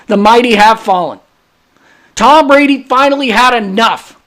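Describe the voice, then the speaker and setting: A man's voice: extremely high pitch, measured pace, a bit bright. A young adult man hosting a solo sports podcast, brash and hyped, trash-talking rival fans. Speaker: podcast host.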